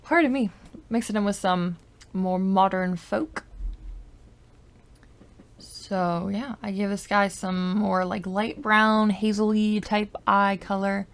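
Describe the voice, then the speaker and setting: A woman in her own space talking through her game for viewers, with a middling voice and a gravelly edge. She rambles freely, fills gaps with likes and I don't knows, and slips into quiet asides close to her desk microphone. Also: mid-range voice, level tone, takes it slowly. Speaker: gaming YouTuber. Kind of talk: casual gameplay commentary.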